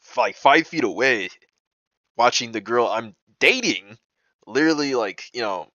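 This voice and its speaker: A man's voice: medium pitch, lively intonation, a little slow, pushed and bright, no echo, lo-fi sound. A young man telling a personal story in a casual vlog, rambling and profane, full of "bro" and "like". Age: young adult. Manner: agitated, indignant retelling.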